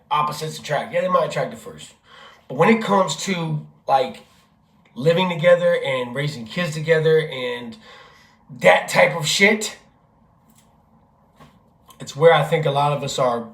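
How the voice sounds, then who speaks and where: A man, a father, telling a family story in a casual vlog, animated and profane, acting out what people said. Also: fairly high pitch, reverberant. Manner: animated, profane, acts out quotes. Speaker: vlogger, father.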